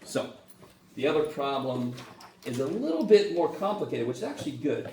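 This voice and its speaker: Casual swearing math lecturer, echoey room. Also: male voice, fairly high pitch, normal speed, a little hiss or hum. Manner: casual, joking, swears freely, animated. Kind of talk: classroom lecture. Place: lecture classroom. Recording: echoey classroom from far off.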